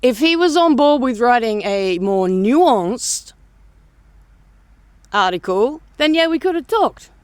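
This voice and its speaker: A woman's voice: a little high, lively intonation, takes it slowly, smooth, dry recording. An Australian woman venting in a blunt, sarcastic rant for her vlog, swearing heavily and mocking the views she disagrees with. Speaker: vlogger. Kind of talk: ranting monologue vlog.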